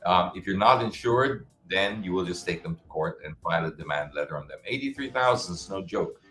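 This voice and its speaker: A man's voice: sits low, animated, fairly quick, bright, forceful tone. A middle-aged man hosting a live-stream show, answering viewer questions in a casual, frank way with many restarts. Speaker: show host. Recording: roomy echo with faint music behind.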